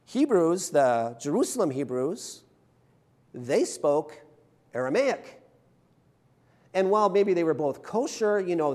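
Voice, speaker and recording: A man delivers a conversational sermon as a pastor. His voice sits a little high and moves with lively, animated swings in pitch. He keeps it informal with self-deprecating humor and keeps checking in with his listeners. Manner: chatty, self-deprecating humor, frequent "right?" tags.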